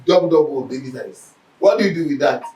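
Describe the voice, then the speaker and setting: A man with a medium-pitched voice teaches a Bible lesson at a fairly quick clip, telling stories animatedly and acting out what people said. He's recorded from a distance in an echoey room.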